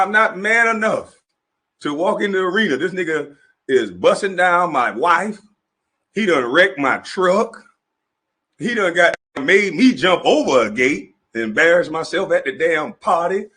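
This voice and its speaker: A man's voice: high-pitched, very animated, unhurried, bright, forceful tone, husky. A man delivering a profane comedic roast rant, laughing often as he goes. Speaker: commentator.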